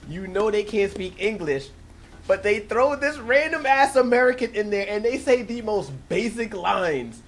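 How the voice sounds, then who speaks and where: A man co-hosting a podcast, talking in a slangy, excitable way and laughing often. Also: sits high, normal speed. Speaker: podcast co-host. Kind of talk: casual chat.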